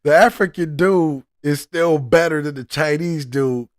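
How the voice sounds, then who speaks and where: A man's voice: a little high, measured pace, dry recording, clean studio sound. A man giving casual reaction commentary as a channel host, heated and profane, often restarting his sentences.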